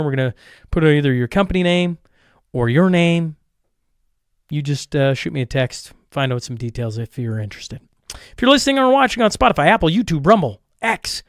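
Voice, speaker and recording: A man's voice: a little high, lively intonation, fairly quick, dry recording, studio quality. A man hosting a podcast, reading sponsor spots and event plugs in a rambling, upbeat, casual way. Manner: upbeat, rambling, restarts and self-corrections. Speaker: podcast host. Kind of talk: casual ad reads and show intro.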